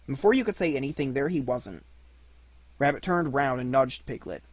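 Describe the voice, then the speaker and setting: A man reading a children's storybook aloud in an expressive narrating voice. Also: medium pitch, brisk, dry recording. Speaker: audiobook reader.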